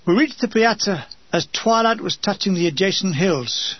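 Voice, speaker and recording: A man's voice: high-pitched, expressive, normal speed, breathy edge, no echo, lo-fi sound. A man narrating his own war memoir, a scripted reading full of dry, comic asides.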